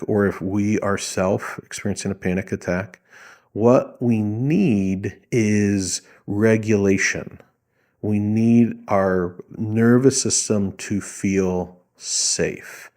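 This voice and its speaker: A man working as a therapist, explaining panic attacks in a calm teaching tone, slowing down to model a soothing voice. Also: fairly low pitch. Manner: slows down and softens to model a soothing voice. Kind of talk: explaining psychology to camera.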